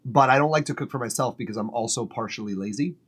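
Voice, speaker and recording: Speaking fast with a breathy edge and medium pitch, a man hosts a music feedback stream from his home studio. He eats while chatting in a laid-back way, swearing casually and often breaking into laughter.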